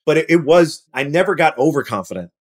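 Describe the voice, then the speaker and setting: A middle-aged man telling lively anecdotes as a guest on a casual chat show, acting out quotes and restarting his sentences often. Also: a little high, fast. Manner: animated, acts out quotes, frequent restarts. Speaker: podcast guest, actor.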